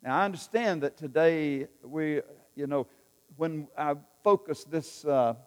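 A pastor delivering a Sunday sermon in a church sanctuary, speaking in a fairly high voice. He tells stories in a folksy way, stopping often on fillers and restarts, while his words trail off into the long reverb of the hall. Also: unhurried, clear, resonant tone.

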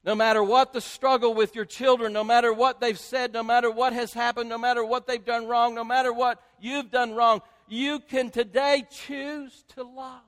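An older man preaching a sermon as pastor, repeating phrases and swinging between loud emphasis and hushed, drawn-out words. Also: extremely high pitch, flat delivery. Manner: repetitive, rhetorical build-ups. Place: church sanctuary. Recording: long hall reverb.

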